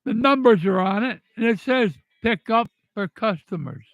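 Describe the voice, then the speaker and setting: A man's voice: sits high, animated, normal speed, creaky, dry recording, lo-fi sound. An older man telling a personal story in a casual, angry and blunt way, swearing freely. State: upset. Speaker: vlogger telling personal stories.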